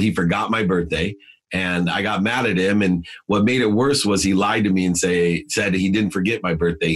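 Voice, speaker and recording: A middle-aged man with a fairly low voice shares a personal story as a podcast guest. His tone has a husky, breathy edge. He stresses the big moments, his voice climbing as he relives them, and he leans on fillers and restarts as he goes. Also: low-quality recording. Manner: emphatic, with frequent fillers and restarts; voice rises sharply when reliving moments.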